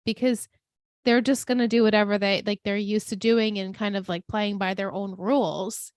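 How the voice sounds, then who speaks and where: Brief: female podcast co-host, mid-pitched, gushy and animated, dry close-miked sound. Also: normal speed, no room sound. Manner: animated, gushing, quotes characters in put-on voices. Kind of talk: casual recap chat.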